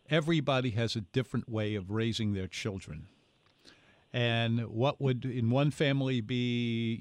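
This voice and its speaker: Folksy New radio host. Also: male voice, mid-range voice, no echo. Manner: folksy, rambling, tells anecdotes with put-on voices. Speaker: radio food show host. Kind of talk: call-in radio talk. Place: radio studio. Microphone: studio microphone.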